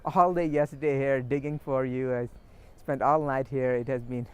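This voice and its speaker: A man's voice: mid-range voice, steady tone, moderate pace, clear, resonant tone, lo-fi sound, close to an everyday voice. A man voicing a humble, grateful king in a polite, earnest way as he tells a story.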